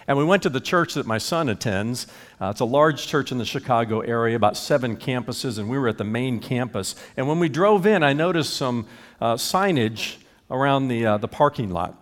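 A middle-aged man preaching with a lively, rising and falling pitch. He throws out rhetorical questions and small chuckles. His voice rings out with a long hall echo. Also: normal speed. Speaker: pastor. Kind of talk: sermon.

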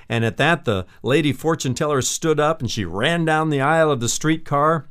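A man's voice: medium pitch, moderate pace. A man preaching a sermon as a pastor, earnestly addressing the listener as friend.

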